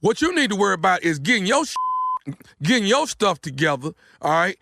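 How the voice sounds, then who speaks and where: A man making a prank phone call from a radio studio, loud, badgering and mock-indignant. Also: high voice, big pitch swings, a little fast, gravelly, no room sound.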